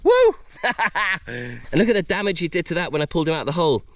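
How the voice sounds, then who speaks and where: A man vlogging while he hunts food outdoors on a tropical island, excitable and out of breath, exclaiming as he narrates. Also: fairly high pitch, very fast, dry recording. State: out of breath, sweating. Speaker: bushcraft vlogger. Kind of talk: excited handheld outdoor vlog.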